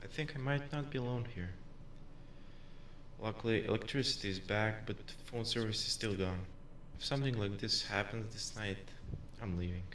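An actor playing an unsettled young man alone in a haunted house, recounting events quietly and flatly in an echoey game recording. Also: on the low side, normal speed, slight background noise, natural voice. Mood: uneasy. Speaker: game protagonist narrating.

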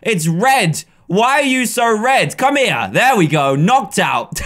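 Excitable high-voiced English gaming commentator. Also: male voice. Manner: excitable, playful, chatty, quick jumps from calm to yelling. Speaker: gaming YouTuber. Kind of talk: live gameplay commentary.

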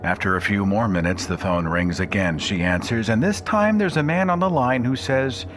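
Deep-voiced man telling a ghost story. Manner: measured, suspenseful storytelling. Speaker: podcast host. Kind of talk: storytelling narration.

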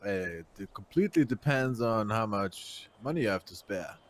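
Low-voiced laid-back car dealer. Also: male voice, expressive, normal speed. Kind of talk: casual in-character roleplay.

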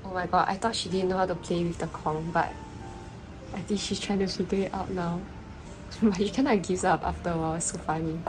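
A woman's voice: fairly low pitch, steady tone, brisk, over music, rough recording. A young woman, chatting casually in a vlog and explaining things with lots of "like" fillers. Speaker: vlogger.

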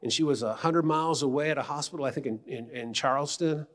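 Middle-aged guy giving a retreat talk, chatty storyteller, kinda high voice, lots of hall echo. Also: fast talker. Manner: conversational, animated storyteller. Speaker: retreat speaker. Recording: long hall reverb.

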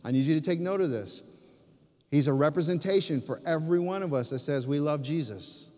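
Male pastor, higher-pitched, emphatic sermon delivery with hushed drops, long church-hall reverb. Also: a little fast. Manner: emphatic preaching with many restarts and dramatic drops to near-whispers. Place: church sanctuary.

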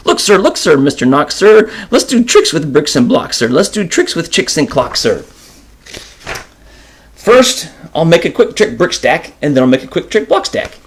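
A man's voice: a little high, very animated, moderate pace, voice pushed up. A man doing a chatty tongue-twisting fox. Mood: playful. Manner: sing-song tongue-twister reading. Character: chatty playful fox in socks, storybook character.

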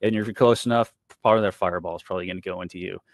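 A former military pilot speaks in a low voice, fired up and exasperated, hammering his points home. The sound is dry and close, with no room around it. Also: fairly even intonation, rapid-fire, no echo. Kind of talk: animated panel discussion.

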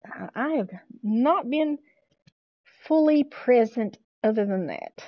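A woman streaming a game live, chatting casually with viewers, excitable and swearing freely. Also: fairly high pitch, takes it slowly, no room sound, lo-fi sound.

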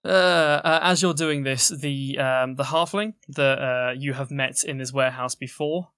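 A man narrating as game master of a tabletop game, halting, with many restarts. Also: medium pitch, fairly even intonation, a bit bright, dry recording, clean studio sound. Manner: halting, full of fillers and restarts.

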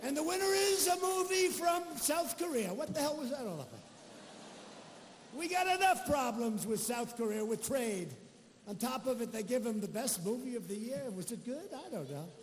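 High, booming rally speaker in an echoey arena. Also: male voice, expressive, normal speed, a little hiss or hum. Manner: boastful, rambling, mocking asides. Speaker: politician. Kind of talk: campaign rally speech. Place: large indoor rally venue. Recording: echoey arena with crowd ambience.

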